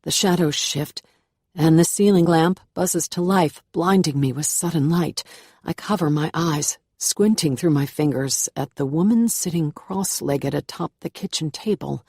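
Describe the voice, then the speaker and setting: Woman narrator, low and dry, tense first-person thriller read, measured and hushed. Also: slightly rough, no room sound. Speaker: audiobook narrator.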